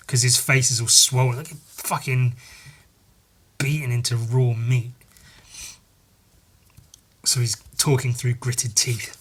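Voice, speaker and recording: Male podcast host, casual and rambling; bright tone with a husky edge. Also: mid-range voice, measured pace, long pauses. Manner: rambling, laughing, swearing, muttering asides. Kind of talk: casual chat, reading a comic aloud.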